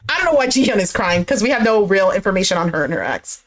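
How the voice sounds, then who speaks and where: A woman's voice: medium pitch, big pitch swings, quick pace, soft background music. A woman chatting casually as she recaps a reality dating show, acting out what people said and swearing now and then.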